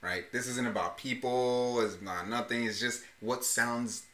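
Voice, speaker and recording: A man co-hosting a podcast in relaxed casual chat, often calling his partner "man". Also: mid-range voice, unhurried. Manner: laid-back, says "man" often. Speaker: podcast co-host. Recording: roomy echo.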